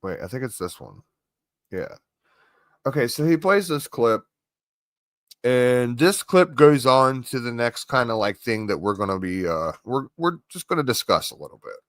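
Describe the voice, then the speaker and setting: A man hosting reaction commentary in a casual, halting way with plenty of fillers. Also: mid-range voice, big pitch swings, no room sound, studio quality. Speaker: commentary host.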